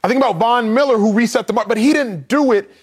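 A man's voice: very high voice, quick pace. Man making a sports argument. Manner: repetitive, rhetorical build-up. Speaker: sports debate co-host. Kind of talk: sports debate, building an argument.

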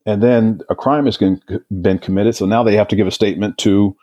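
A man's voice: lowish voice, steady tone, brisk, dark tone, dull audio. A man who worked as a hostage negotiator recounts a case in an interview, vividly and with frequent restarts. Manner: vivid retelling, with repeated restarts. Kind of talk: storytelling in an interview.

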